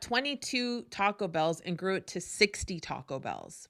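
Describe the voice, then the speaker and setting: A woman telling a personal story in a candid, energetic way, swearing freely. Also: fairly low pitch, moderate pace. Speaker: host. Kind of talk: casual storytelling to an audience.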